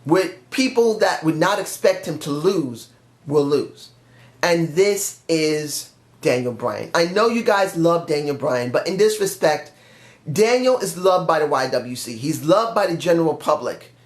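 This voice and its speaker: Rambling man in an echoey room. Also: fairly high pitch. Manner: rambling, self-correcting. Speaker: fan pitching a wrestling storyline. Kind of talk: casual rambling commentary. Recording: roomy echo.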